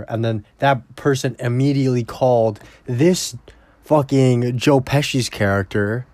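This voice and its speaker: A man rambles through a movie recap in a casual, foul-mouthed way. He talks at a slow, drawn-out pace with a mid-range voice. The sound is dry and close, with no room echo. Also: medium pitch, a little mellow. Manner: profane, blunt and rambling. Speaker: movie reviewer.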